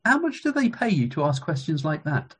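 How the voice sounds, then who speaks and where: A man voicing a gentle wandering rabbi who answers calmly with a smile, in a story told in a sermon. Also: fairly high pitch, a little fast, slightly rough, exaggerated voice. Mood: amused. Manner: calm, smiling.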